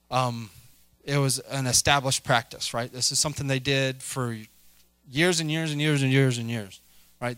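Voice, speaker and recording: A man's voice: mid-range voice, a bit bright, clear, resonant tone, no room sound. A middle-aged man preaching a casual sermon, chatty, with many fillers and a habit of asking "right?". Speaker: lay preacher.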